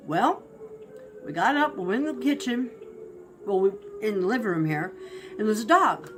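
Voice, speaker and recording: A woman telling a spooky personal story in a casual, animated way, acting out barks and shouts. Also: mid-range voice, moderate pace, soft background music. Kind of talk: casual spoken ghost story.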